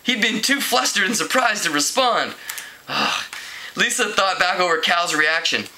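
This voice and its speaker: A man takes his time reading from a teen novel, his tone bright and forceful over a rough recording with faint hiss or hum. It's casual read-aloud narration full of stumbles, self-corrections and laughter, with characters given a higher-pitched voice.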